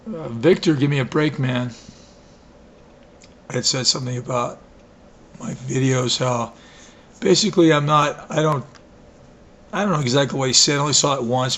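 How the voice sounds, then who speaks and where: A man with a hoarse voice rambling through a casual video diary, full of fillers, restarts and self-deprecating asides. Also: medium pitch, fairly bright tone. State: hoarse, coughing. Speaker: vlogger. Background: wind blowing outside.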